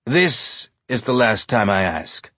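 A man voicing a hardened male ex-cop who speaks slowly and bluntly. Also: fairly low pitch, sing-song, a bit bright, slightly rough, dry recording, full character voice. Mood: gruff.

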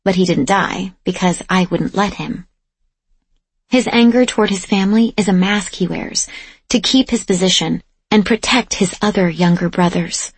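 A woman giving steady, measured first-person audiobook narration, close to the mic. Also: medium pitch, slightly rough, dry recording.

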